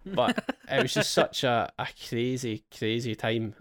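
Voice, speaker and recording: A young man hosting a casual gaming chat, telling relaxed stories with swearing and bursts of remembered excitement. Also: medium pitch, a little slow, no echo, clean studio sound. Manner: relaxed storytelling, swears, acts out his past excitement. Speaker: podcast host.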